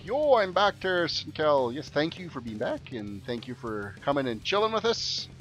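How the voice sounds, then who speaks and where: A man's voice: on the high side, sing-song, moderate pace, fairly bright tone. A man from Alberta, chatting casually and joking while streaming a game and reading out viewer messages. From Canada, Alberta. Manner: joking, chatty, reads viewer chat aloud. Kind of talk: casual gameplay chat. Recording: faint game music behind.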